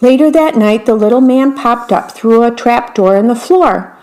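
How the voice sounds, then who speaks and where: A woman reading a fairytale aloud as storyteller, with gentle, wry asides. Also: a little high, moderate pace.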